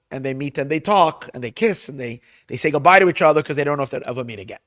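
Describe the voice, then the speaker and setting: A man, a rabbi teaching a class, retelling a Bible story with Hebrew translations in an animated way, often restarting his phrases. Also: medium pitch, no room sound, clean studio sound. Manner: animated storyteller, acts out lines loudly; restarts and repeats words often.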